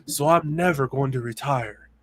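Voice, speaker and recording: A man doing a slow, intense movie-star impression. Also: medium pitch, heavy background noise, natural voice. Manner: slow, dramatic, earnest delivery building to a shout. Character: intense middle-aged male movie star. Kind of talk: impression of a famous actor.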